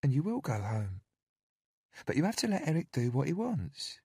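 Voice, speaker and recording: A man's voice: a little high, sing-song, moderate pace, mellow, breathy edge, dry recording, pitched above the performer's own voice, full character voice. A man reading an audiobook, voicing a woman captor who talks in a sing-song, falsely soothing way.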